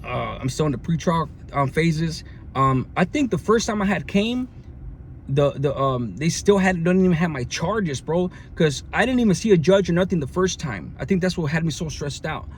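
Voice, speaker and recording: A man's voice: a little high, animated, normal speed. A man telling a story from his time in jail in a casual, slang-heavy way, with many fillers and restarts. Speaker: storyteller recounting jail experience. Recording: faint background noise.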